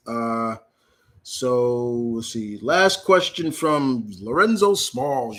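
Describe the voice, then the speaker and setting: A man's voice: medium pitch, expressive, slow pace, bright, forceful tone. Casual man hosting a live Q&A. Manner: reads viewer questions aloud then answers casually and bluntly. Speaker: host answering viewer questions. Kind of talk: live Q&A chat.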